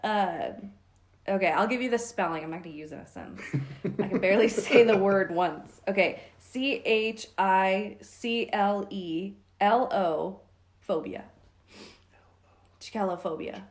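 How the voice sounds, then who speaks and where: A woman's voice: mid-range voice, unhurried. Cheerful woman co-hosting a podcast. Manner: cheerful, laughs often, teasing. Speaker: podcast co-host. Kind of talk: casual chat.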